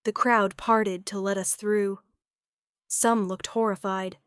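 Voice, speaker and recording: Woman audiobook narrator, measured and dramatic, slow, dry close sound. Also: mid-range voice, little pitch movement, clean tone, no echo. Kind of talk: first-person romance audiobook narration.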